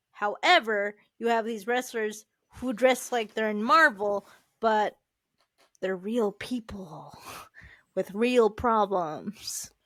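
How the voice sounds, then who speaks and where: A woman co-hosting a podcast, chatting casually in an animated way, laughing often and swearing freely. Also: on the high side, no room sound, clean studio sound. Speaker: podcast co-host. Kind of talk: casual chat.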